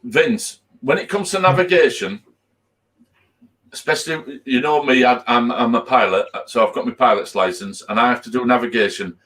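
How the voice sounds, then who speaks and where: A man's voice: mid-range voice, moderate pace, fairly bright tone. A man in his fifties hosting his own birthday live stream, arguing emphatically and repeating himself in casual group chat. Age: 50s.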